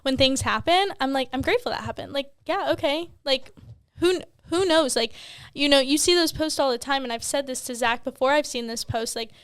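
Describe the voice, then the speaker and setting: A woman's voice: high-pitched, a little fast, no echo. A young woman and new mom co-hosting a podcast, rambling candidly with lots of "like" and casual swearing. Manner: rambling, heavy on "like", swears freely.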